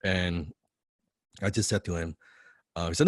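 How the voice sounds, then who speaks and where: Man, fairly low voice, casual motivational storytelling, animated, repeats words, laughs a lot, dry close sound. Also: unhurried, no echo. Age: young adult. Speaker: business coach.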